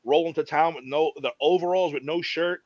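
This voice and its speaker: A man's voice: fairly high pitch, brisk, dry recording, highs cut off. A man, co-hosting a podcast in blunt, casual chat with a lot of cursing. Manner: blunt, heavy cursing, storytelling. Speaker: podcast co-host.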